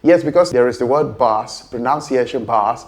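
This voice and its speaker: A man with a Nigerian English accent teaching a pronunciation lesson. He explains patiently and slows down to model each word. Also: mid-range voice.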